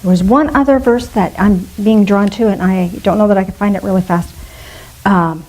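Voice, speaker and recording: A woman's voice: mid-range voice, moderate pace, low-quality recording. Chatty woman giving a casual sermon. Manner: warm, chatty and playful, with soft gushing voices when imitating. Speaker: minister leading a spiritual fellowship.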